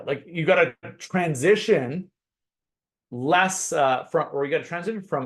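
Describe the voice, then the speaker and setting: A man's voice: on the high side, normal speed. A man teaching a sales webinar, talking casually and with emphasis, and acting out sample conversations with clients. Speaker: sales coach.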